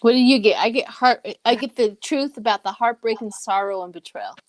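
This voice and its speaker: A woman chatting on a tarot live stream, bubbly and quick to jump in. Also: fairly high pitch, no room sound. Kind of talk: casual live-stream chat.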